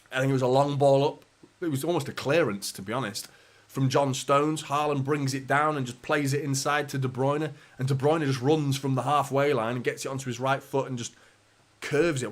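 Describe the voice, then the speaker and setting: Chatty man commentating live. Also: a little high. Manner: chatty and casual, with mild swearing and banter. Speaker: fan channel host. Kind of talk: live match watchalong commentary.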